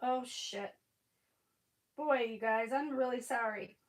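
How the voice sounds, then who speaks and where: A woman's voice: fairly high pitch, slow pace. A middle-aged woman hosting a crafting livestream, chatting and rambling through a story with casual swearing.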